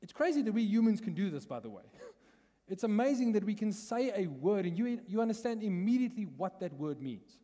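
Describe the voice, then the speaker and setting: A man's voice: sits high, sing-song, fairly quick, dark tone. A man with a South African accent preaching a sermon in a conversational teaching manner, asking the congregation questions and laughing often, in a church hall. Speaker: pastor.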